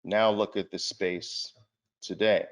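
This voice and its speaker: A man with a deep, steady voice speaks slowly as he gives a market presentation at a trading seminar. He talks emphatically and poses rhetorical questions to the audience.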